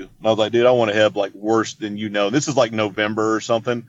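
A man's voice: on the low side, fairly even intonation, fast, few pauses, dull audio. A man telling a long story in casual chat, rambling and laid-back, full of "dude" and "you know what I mean.". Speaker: podcast guest.

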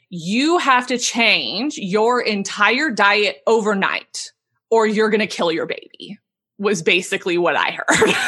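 A woman in her thirties, a podcast guest telling a personal story in an animated way and laughing as she talks. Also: medium pitch. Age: 30s. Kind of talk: casual interview storytelling.

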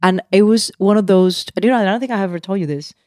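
A woman in her forties, an actress guest telling a personal story candidly, animated and full of restarts and asides. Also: mid-range voice, fast, no room sound, clean studio sound. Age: 40s.

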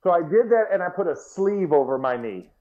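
A man's voice: high-pitched, sing-song, a little fast, dark tone, dull audio. A man telling a funny locker-room story in casual chat, acting out his own reactions. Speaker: former football player.

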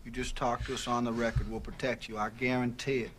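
An actor playing a calm investigator who questions a witness in a quiet, level voice, heard from a film clip. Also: male voice, mid-range voice, quick pace, background noise, lightly acted. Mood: soothing. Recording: distant film clip with score.

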